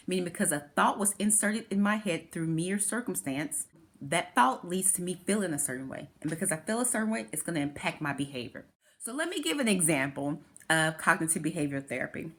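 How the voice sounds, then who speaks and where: A woman's voice: on the low side, fairly bright tone. A woman hosting a talk, explaining a therapy idea step by step through everyday examples. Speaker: host.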